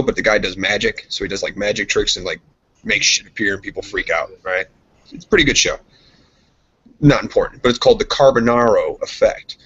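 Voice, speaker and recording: Husky man telling a rambling story. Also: on the low side, a bit bright. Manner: rambling storyteller, swears, mimics friends. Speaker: podcast co-host. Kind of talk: casual chat. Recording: dull lo-fi sound.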